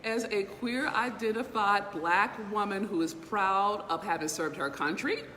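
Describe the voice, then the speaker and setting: A woman's voice: medium pitch, a little slow, pushed and bright. A middle-aged woman, an inspirational speaker and business mentor, giving a blunt, profane motivational talk to a live audience, checking in with them again and again. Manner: emphatic, blunt and profane, full of rhetorical check-ins. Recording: long reverb with faint background noise.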